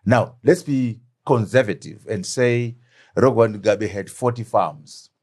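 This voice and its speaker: In an animated political interview, a middle-aged Zimbabwean guest who formerly served as deputy prime minister speaks emphatically and often asks rhetorical questions. His voice is fairly low and a little mellow, with a measured pace.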